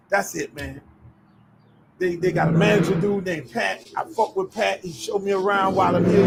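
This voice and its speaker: A middle-aged man hosting his own show, telling casual stories in an animated, profane way. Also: high voice, moderate pace, vocal fry, very noisy. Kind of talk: casual storytelling.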